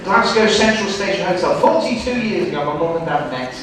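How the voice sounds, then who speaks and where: Male stand-up comic, lively pitch, slightly high voice, echoey church, distant mic, audience behind. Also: brisk, crowd noise. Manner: animated storytelling, voices for characters. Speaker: stand-up comedian. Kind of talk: stand-up comedy set. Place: church venues with live audience.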